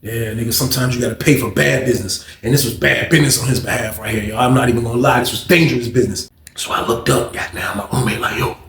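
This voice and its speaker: Man telling a wild story, cussing a lot, jumps to shouting, raspy fry, echoey room. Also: mid-range voice, fast talker, few pauses. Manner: profane, animated, jumps into shouting. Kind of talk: casual storytelling.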